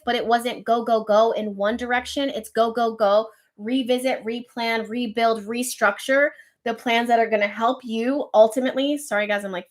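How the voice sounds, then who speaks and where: A woman's voice: on the high side, a bit bright. Casual, chatty woman streaming live. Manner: chatty, reads out viewer comments. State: out of breath, wheezing. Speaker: astrology livestream host. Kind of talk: casual livestream chat.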